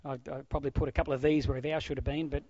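A middle-aged man preaching a sermon, swinging from loud exclamations to hushed, almost whispered lines. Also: mid-range voice, little pitch movement, very fast, no room sound. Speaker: pastor. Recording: dull, dry lo-fi sound.

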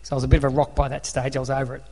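In a sermon, an Australian man relates a personal story earnestly and conversationally, acting out the lines of dialogue. His mid-range voice is completely flat, rapid-fire, a little mellow, and slightly rough. The sound carries the long reverb of a large hall.

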